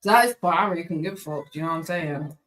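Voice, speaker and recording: Bright-voiced chatty woman, slang. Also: on the low side, fast talker, rough recording. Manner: chatty, addresses viewers by name, slangy. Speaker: tarot reader hosting a live stream. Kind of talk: casual live-stream chat.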